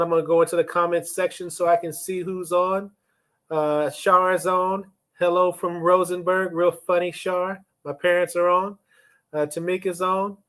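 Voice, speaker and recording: Man, 50s, slightly higher voice, casual livestream host, chatty, greets viewers by name, phone or webcam audio. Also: a bit bright, smooth.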